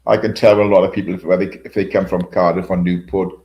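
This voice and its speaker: Host, middle-aged, low mellow voice, rambling sweary chat with chuckles. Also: male voice, little pitch movement, quick pace, rough recording. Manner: rambling, swears often, chuckles between remarks. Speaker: livestream host. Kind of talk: casual chat reading live comments.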